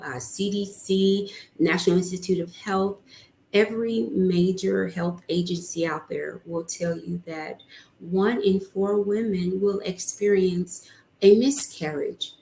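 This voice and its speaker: A woman's voice: medium pitch, creaky, warm tone, a little hiss or hum. A woman hosting a podcast, talking candidly and earnestly to her listeners in a conversational way, with frequent ums and restarts. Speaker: podcast host. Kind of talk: personal podcast talk to listeners. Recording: echoey room.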